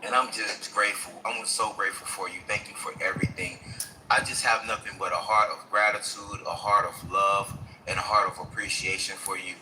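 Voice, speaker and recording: A man's voice: on the low side, steady tone, fairly quick, noisy background. A man giving an earnest, emotional live-stream testimony, repeating himself as he holds back tears. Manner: earnest, repeats phrases, stumbles over words.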